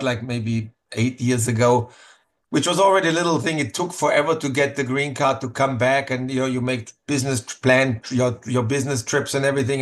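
A man in his fifties from Germany, speaking with a German accent, chatting easily as an interview guest and laughing often. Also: mid-range voice. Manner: easygoing, chatty, laughs easily, loose restarts. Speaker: winemaker guest. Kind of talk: casual interview chat.

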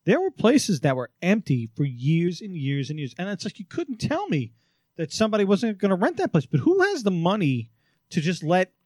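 A man co-hosting a casual talk radio show, chiming in with wry, quick interjections on a close studio mic. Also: sits high, huge pitch swings, a little mellow, no room sound. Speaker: radio co-host.

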